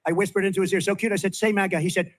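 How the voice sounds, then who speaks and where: A man's voice: sits high, level tone, rapid-fire, a little hiss or hum. An older man giving a rambling campaign rally speech from a stage, full of repetitive, off-the-cuff asides. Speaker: political candidate at a rally.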